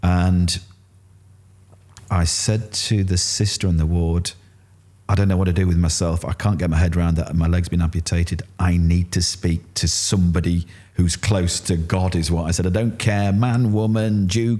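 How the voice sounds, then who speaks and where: Low, mellow Yorkshire man telling his story. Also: moderate pace. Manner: animated, acts out quotes with rising pitch. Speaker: interview guest. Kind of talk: candid storytelling interview.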